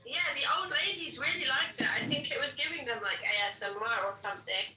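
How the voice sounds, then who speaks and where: A woman's voice: high voice, expressive, quick pace, sharp tone, reverberant, distant mic, poor audio. A woman chatting casually and rambling on a livestream call. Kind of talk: casual chat.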